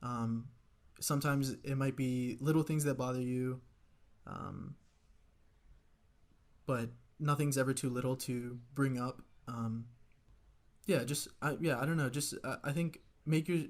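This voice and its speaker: A man's voice: medium pitch, steady tone, measured pace. A young man co-hosting a podcast, laid-back and hesitant, with many ums. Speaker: podcast co-host. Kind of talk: casual chat.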